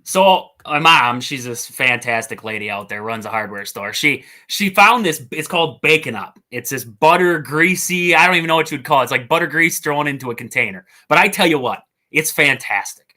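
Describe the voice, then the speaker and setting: An excitable man hosting a sports podcast, rambling and calling out to his viewers. His voice is bright and ringing, sitting a little high for a man. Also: fairly quick, few pauses. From Wisconsin. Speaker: podcast host. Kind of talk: casual sports chat.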